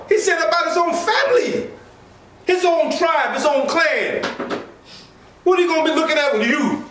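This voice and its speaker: Animated man preaching in an echoey hall. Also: extremely high pitch, moderate pace. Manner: animated, conversational preaching with asides and laughter. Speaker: religious teacher. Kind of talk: informal sermon class. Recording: echoey room from far off mic.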